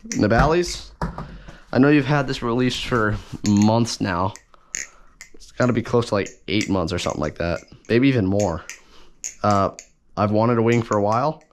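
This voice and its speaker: A man's voice: fairly low pitch, slight background noise. A man talking casually through an unboxing and review, rambling and correcting himself as he goes, with enthusiasm. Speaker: balisong reviewer.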